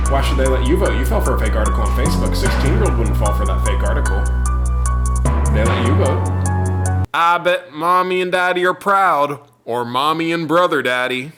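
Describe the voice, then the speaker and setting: A man putting on a southern accent to voice scornful redneck commenters, loud, drawn-out and mocking. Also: fairly high pitch, natural voice. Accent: Southern US, put on.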